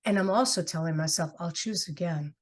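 A woman's voice: on the low side, a little fast. Earnest, encouraging woman from New York. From New York City. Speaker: guest author and coach. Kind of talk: conversational podcast interview.

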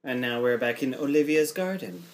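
A man hosting a podcast, chatty with quick asides. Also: medium pitch, lively intonation. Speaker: podcast host. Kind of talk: casual chat.

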